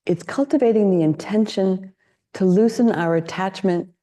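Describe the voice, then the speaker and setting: A woman's voice: mid-range voice, moderate pace, dark tone. A woman meditation teacher giving a dharma talk, reflective and candid, often asking questions.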